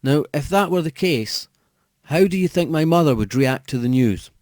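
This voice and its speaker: A male narrator voices a scheming young woman, pitching her well above his own voice while keeping it close to an everyday sound. She's coy, calculating, teasing and coaxing, delivered in a mellow, warm, animated tone at a moderate pace. The recording is dry and close, with no room sound.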